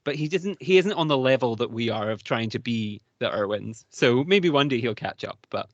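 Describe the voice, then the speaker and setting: Co-hosting a podcast, a British man from the UK talks enthusiastically and in a rambling manner, laughing frequently during the casual chat. His mid-range voice is animated and moderately paced. There is no echo, and the highs are cut off.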